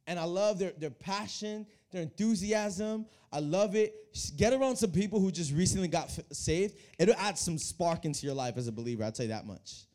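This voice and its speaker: A young male preacher with a mellow, warm voice and a fairly high pitch, talking straight to his congregation. He speaks with lively energy and often repeats words as he builds each point. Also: normal speed, hardly any pauses. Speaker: youth pastor. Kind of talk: energetic sermon. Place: church hall.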